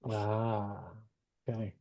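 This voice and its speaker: A man's voice: on the low side, completely flat delivery, extremely slow, warm tone, dry recording. A man hosting an online webinar in casual chat, reading out chat replies with plenty of fillers. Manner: chatty, reads out chat replies, many fillers. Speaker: webinar host. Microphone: video call.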